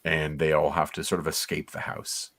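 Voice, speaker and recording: A man's voice: extremely low pitch, monotone, normal speed, a crowd in the background. A man co-hosting a comics livestream, giving rambling, enthusiastic, nostalgic commentary on an old cartoon. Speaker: comics podcast co-host.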